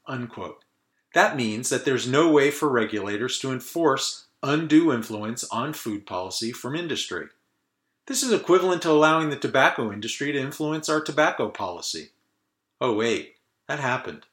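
A man's voice: medium pitch, lively intonation, fairly quick, fairly bright tone. A man in his fifties from the northern United States, hosting a solo podcast rant in a dry, sardonic way. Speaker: podcast host. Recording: roomy echo.

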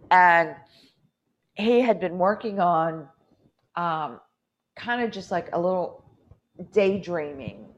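A woman's voice: fairly low pitch, animated, slow pace, long pauses, highs cut off. A woman hosting a podcast in casual chat, rambling through stories with acted-out quotes. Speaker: podcast host.

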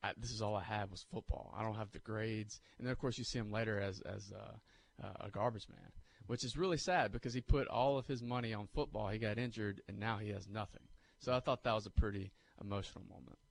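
A man co-hosting a sports radio show, telling movie scenes in a lively, animated way. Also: on the low side, brisk, vocal fry. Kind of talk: casual sports talk.

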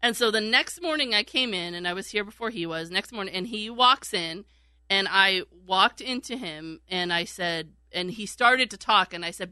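A woman's voice: mid-range voice, expressive, moderate pace, sharp tone, clear, resonant tone, dry recording. A woman telling a casual story in a chat, laughing often and acting out what people said. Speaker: radio show regular, former call screener.

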